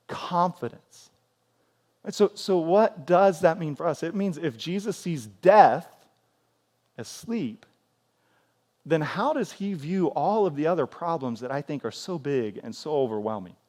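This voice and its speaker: Man, forties, pastor preaching, animated storytelling, fairly high voice. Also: a little slow. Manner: animated storytelling, acting out family scenes with sudden loud outbursts. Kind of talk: sermon. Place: church sanctuary.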